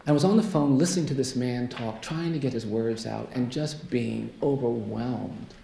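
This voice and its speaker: A man from the United States giving a keynote as a death-row lawyer, telling a personal story quietly and earnestly, and building to rhetorical repetition. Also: medium pitch, normal speed, creaky. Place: lecture hall. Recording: roomy hall echo, faint noise.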